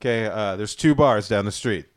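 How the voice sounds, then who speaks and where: A man's voice: fairly low pitch, normal speed, dry recording, studio quality. A young man casually telling a comic story on a podcast, acting out the other people in it and swearing often. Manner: animated, acts out voices, swears a lot.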